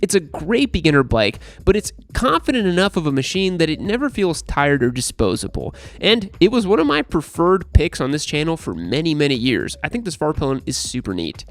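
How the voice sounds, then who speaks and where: Lively, wry young man narrating. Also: on the high side, brisk, hardly any pauses, no room sound. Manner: wry, sarcastic humor. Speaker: motorcycle channel host. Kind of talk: scripted review narration.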